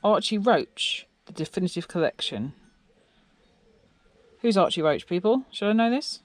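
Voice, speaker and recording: An English woman narrates a scrapping video casually, rambling as she pulls electronics apart and poses questions to viewers. Her medium-pitched voice is lively, measured and frequently paused, with no room sound.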